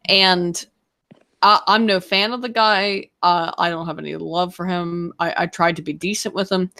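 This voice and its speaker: Woman, stream co-host, tired strained voice, lower pitch, rambling profane chat. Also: normal speed, fairly bright tone. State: strained, worn-out voice. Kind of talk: casual livestream chat.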